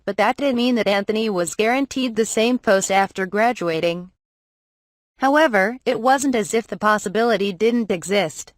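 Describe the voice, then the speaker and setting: A woman narrating a light novel audiobook, reading the story and its dialogue in an even, measured way. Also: mid-range voice, dry recording, clean studio sound. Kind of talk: scripted narration with character dialogue.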